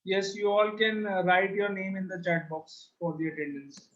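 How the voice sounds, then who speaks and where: High-voiced teacher on a roomy lo-fi call. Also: male voice, fairly even intonation, moderate pace, fairly bright tone. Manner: patient, explains step by step. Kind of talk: online maths class. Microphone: video call. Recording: roomy, dull lo-fi call audio.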